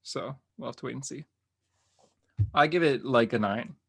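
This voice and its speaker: A man hosting a podcast, chatting casually and excitedly about comic books, rambling with lots of filler words. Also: medium pitch, normal speed, gravelly, breathy edge. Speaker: podcast host. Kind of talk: casual comic book review chat.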